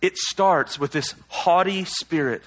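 A man's voice: on the high side, slow pace. A male pastor giving a sermon in a conversational, self-deprecating way, full of rhetorical questions to the congregation.

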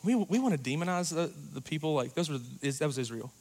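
A man preaching a sermon in a church, talking casually and joking, going loud and then quiet for emphasis. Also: fairly high pitch, expressive, fast talker. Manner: conversational, joking, rises and drops in volume for emphasis.

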